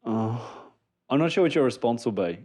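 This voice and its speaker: A man's voice: medium pitch, animated, moderate pace, dark tone. A man, co-hosting a podcast, posing the questions and prompting his partner in an easygoing way. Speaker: podcast co-host. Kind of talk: casual chat.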